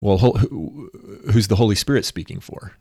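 A man with a low voice works through religious ideas on a podcast, thinking aloud and looping back to check that he is followed. The sound is dry and close, with no room around him. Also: normal speed, warm tone, breathy edge, dry recording. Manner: musing, thinks aloud with restarts and tag questions. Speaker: podcast co-host. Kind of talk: casual religious discussion.

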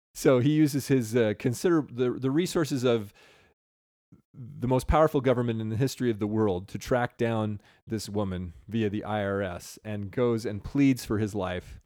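A man's voice: lowish voice, moderate pace, warm tone, no room sound, clean studio sound. A man co-hosting a casual film discussion, chatty, filling in names and quoting lines with a chuckle. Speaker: podcast co-host.

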